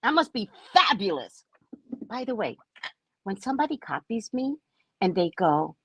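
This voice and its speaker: A woman's voice: mid-range voice, big pitch swings, normal speed, long pauses, breathy edge, no room sound. A woman psychic reader telling a story on a casual live stream, brash, profane and mocking.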